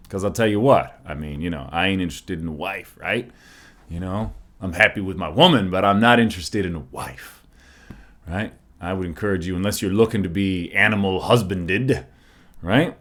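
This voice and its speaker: A man talking casually in a rhetorical, folksy way, often tagging his points with questions and slowing down to stress single words. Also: deep voice, a bit bright. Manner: rhetorical, folksy, keeps asking "right?". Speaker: preacher musing on word origins. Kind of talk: casual spoken monologue.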